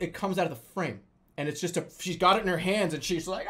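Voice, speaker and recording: A young man casually telling a story, swearing freely and loudly acting out the lines he quotes. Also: sits high, brisk. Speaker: storyteller recounting a dream.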